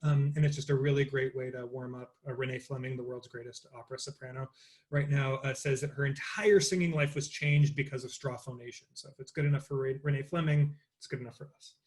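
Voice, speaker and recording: A man's voice: medium pitch, fairly even intonation, fast talker, a little mellow. A man leading an interactive online voice lesson, talking casually with many fillers and demonstrating vocal sounds over a computer mic. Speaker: voice teacher.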